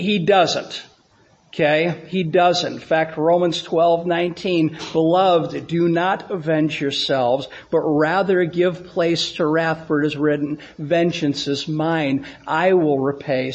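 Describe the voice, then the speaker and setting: In a church sanctuary full of worshippers, a male pastor with a slightly high voice preaches to his congregation, repeating phrases for emphasis and putting questions to the room. The recording sounds muffled.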